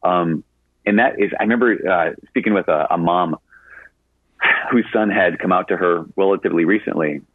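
Husky-voiced priest on narrowband radio. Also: male voice, sits low, moderate pace, no echo. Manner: conversational storytelling with frequent fillers. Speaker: Catholic priest. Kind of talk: answering a caller on a radio show. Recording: narrowband radio broadcast sound.

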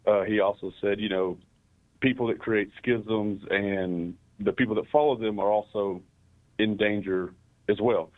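A man's voice: lowish voice, steady tone, measured pace. A man from Texas with a Texan accent, calling in to a radio show, earnest and rambling as he thinks aloud. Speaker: caller. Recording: tinny phone line.

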